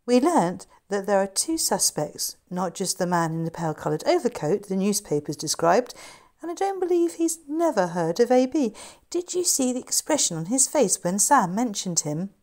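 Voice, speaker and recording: A woman voicing an anxious, sharp-eyed young girl in a storybook reading. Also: medium pitch, sing-song, normal speed, voice pushed up. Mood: insistent.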